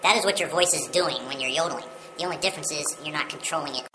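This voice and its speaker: A woman's voice: sits low, racing, background noise. A woman giving a casual video lesson on yodeling, explaining step by step in a friendly, plain way. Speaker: yodeling teacher. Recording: roomy echo with music behind.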